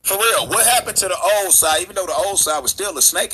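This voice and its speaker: Man, streamer; sharp, strained, husky voice; heated profane rant. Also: sits high, expressive, fast, hardly any pauses, poor audio. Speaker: livestreamer. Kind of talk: livestream rant.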